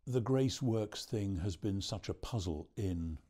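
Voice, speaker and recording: A man being interviewed as a theologian, answering at length in a measured, explanatory way. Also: fairly low pitch, animated, dark tone. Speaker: theologian guest.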